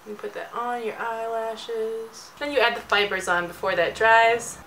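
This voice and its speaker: A woman's voice: fairly high pitch, fairly even intonation, a little slow, a bit bright, slight background noise, poor audio. A young woman giving a chatty, jokey makeup tutorial as a beauty vlogger.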